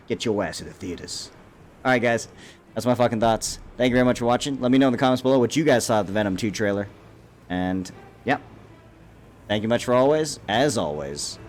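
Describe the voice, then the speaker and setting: A man's voice: medium pitch, slight background noise. A man giving a casual, profane, rambling reaction to a movie trailer, full of fillers and restarts. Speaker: YouTube commentator.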